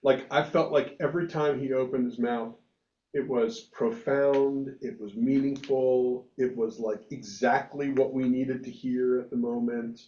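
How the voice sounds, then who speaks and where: A man's voice: medium pitch, fairly even intonation, unhurried, warm tone. A man who is a rabbi, talking animatedly in a casual discussion, with frequent restarts and emphatic bursts. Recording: echoey room, dull lo-fi sound.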